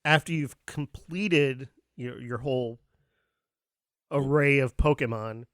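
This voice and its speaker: A man co-hosting a podcast in casual chat, with a wry, deadpan humor. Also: medium pitch, takes it slowly, no echo, clean studio sound. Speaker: podcast co-host.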